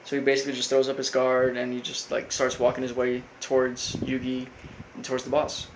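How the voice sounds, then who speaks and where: A man casually recapping a cartoon episode, rambling with lots of fillers and flat quoted lines. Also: medium pitch, a little fast, background noise. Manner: rambling, full of fillers, quotes characters flatly. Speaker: recap host.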